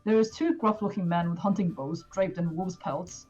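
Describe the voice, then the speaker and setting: A woman narrating as game master of a tabletop game, casual and halting, with many fillers. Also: on the low side, darkish tone, muffled recording, faint music behind.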